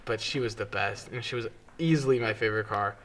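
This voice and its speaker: A man's voice: lowish voice, fast, a bit bright. A young man co-hosting a casual podcast, telling stories with lots of energy, swearing freely and mimicking other people's voices. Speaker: podcast co-host. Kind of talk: casual chat.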